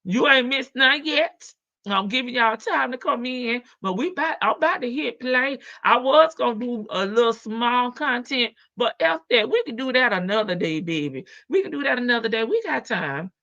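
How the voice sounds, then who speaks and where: A woman's voice: a little high, expressive, normal speed, pushed and bright, no echo. A woman hosting a casual live stream, talking in a sassy, brash way, swearing freely and laughing often. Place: home in Las Vegas. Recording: dull lo-fi stream audio.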